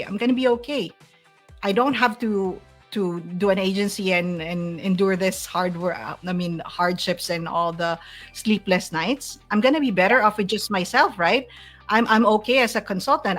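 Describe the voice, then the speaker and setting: A Filipino-accented woman in middle age talks as a guest on a call. She is earnest and emotional, circling back and restarting her phrases, at an everyday pitch with soft music faintly behind her. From Philippines. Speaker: guest, agency owner. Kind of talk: heartfelt interview talk.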